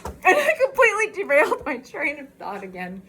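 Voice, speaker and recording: A woman's voice: sits high, a little fast, slight background noise. A woman chatting on a walking vlog, out of breath and laughing often, recorded on a phone outdoors. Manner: bubbly, laughs often, excitable. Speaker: vlogger. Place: outdoors on a walk.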